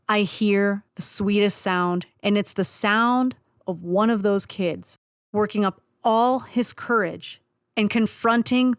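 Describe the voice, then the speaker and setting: Woman host for a radio show, mid-pitched, blunt and sweary, dry close sound. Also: smooth, no echo. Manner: blunt, emphatic, swears freely. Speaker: radio show host and touring band member. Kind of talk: spoken story and radio intro.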